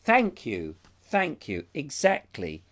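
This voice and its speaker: A man's voice: mid-range voice, wildly swooping pitch, slow pace, a bit bright. A middle-aged man hosting a casual live chat, reading viewer comments aloud and reacting to them. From Britain. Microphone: lapel mic.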